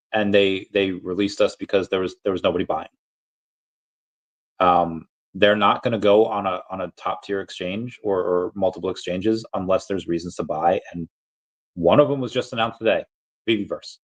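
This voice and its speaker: A man's voice: on the low side, lo-fi sound. A young man hosting a casual livestream, reading chat aloud in a rambling, playful way and often stumbling over repeated words.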